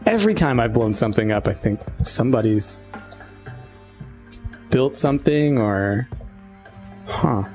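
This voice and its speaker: Halting, filler-heavy man at a game table. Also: mid-range voice, lively intonation, a little mellow, faint music behind. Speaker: game master. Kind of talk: tabletop role-play.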